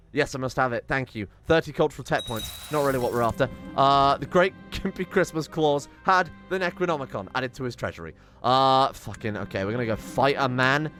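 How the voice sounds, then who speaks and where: Young guy playing a strategy game, swears constantly, gets loud and worked up, faint music under him. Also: medium pitch, a little fast, no echo. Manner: excitable, swears a lot, mutters to himself. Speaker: gaming channel host. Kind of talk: let's play commentary.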